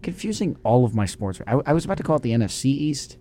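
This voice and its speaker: Playful young man, lively voice. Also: medium pitch, quick pace, a little hiss or hum. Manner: playful, jokey, breaks into bits of song. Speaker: college radio co-host. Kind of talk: casual sports talk.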